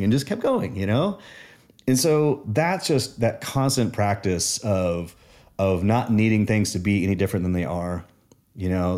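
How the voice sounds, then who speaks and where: A man's voice: on the low side, darkish tone. A man in casual conversation, sharing personal stories in an earnest, reflective way.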